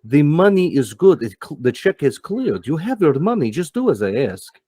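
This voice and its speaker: Man playing a scheming fixer, formal, smooth, higher voice, dry sound. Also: big pitch swings, normal speed, mellow, no echo. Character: scheming male fixer with cybernetic hands.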